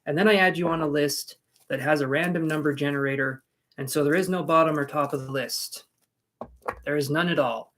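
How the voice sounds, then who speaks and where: A man's voice: on the high side, steady tone, fairly quick, fairly bright tone, a little hiss or hum. A man giving live-stream tarot readings, chatty and rambling, making jokes at his own expense. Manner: rambling, self-mocking, chatty. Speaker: tarot reader.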